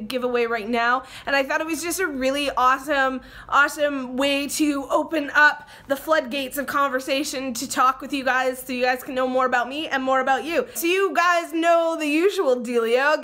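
Bright, high-voiced chatty woman vlogger. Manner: chatty and upbeat, explaining giveaway rules. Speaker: beauty YouTuber. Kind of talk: casual chat to camera.

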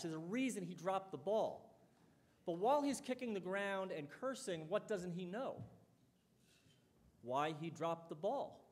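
Telling anecdotes to an audience, a middle-aged college president speaks conversationally in a high voice and acts out the quoted dialogue. The public speech takes place in a lecture hall or dining hall, recorded with long hall reverb.

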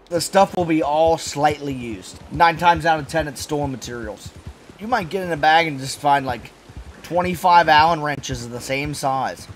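A man's voice: fairly high pitch, normal speed, slight background noise. A man rambling and joking in casual commentary while playing a video game. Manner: rambling, joking, deadpan riffs. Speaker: gaming streamer.

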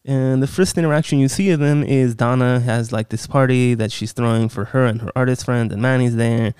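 A man's voice: mid-range voice, steady tone, brisk, a little mellow, clean tone, dry recording, clean studio sound. A man recapping a horror film in a casual, sarcastic, exasperated way, swearing often.

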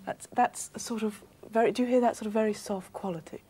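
A woman's voice: fairly high pitch, steady tone, fast, dark tone, breathy edge. A woman voice coach leading a workshop on a TV studio stage, coaxing the audience through exercises.

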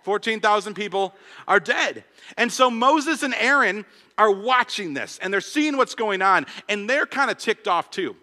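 A man preaching a sermon, animated, often repeating words and acting out the voices of the people in his story. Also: high voice, measured pace. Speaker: pastor. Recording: long hall reverb.

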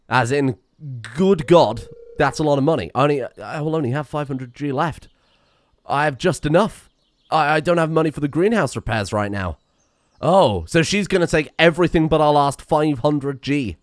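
A man's voice: a little high, expressive, normal speed. Sarcastic young man streamer. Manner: sarcastic, joking. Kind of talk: let's-play commentary.

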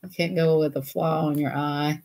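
A woman's voice: low-pitched, flat delivery, normal speed, darkish tone. A woman who hosts a coloring channel chats casually while she colors. She giggles a lot and keeps slipping into silly voices.

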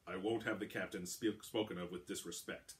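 A man's voice: low voice, fairly even intonation, a little fast, natural voice. Man voicing a hot-tempered gnome quartermaster. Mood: furious. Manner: angry, threatening.

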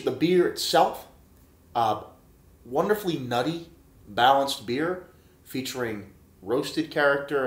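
Enthusiastic man reviewing beer, echoey room. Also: mid-range voice. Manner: enthusiastic, chatty, repeats himself and addresses viewers as guys. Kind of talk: casual beer review vlog.

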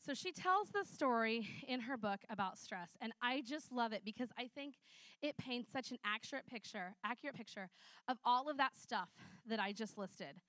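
A woman preacher with a fairly high voice tells stories in a loose, chatty sermon. She talks in an animated way and leans on lots of fillers. The sound is close and dry. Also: normal speed, no echo. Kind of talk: conversational sermon with storytelling.

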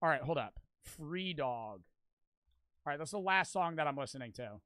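A young man live-streaming a reaction video, chatting loosely, swearing and sometimes shouting, his voice a bit strained. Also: on the high side, animated, normal speed. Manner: loose, swears a lot, bursts into loud shouts. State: strained voice from screaming. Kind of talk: casual live-stream chat.

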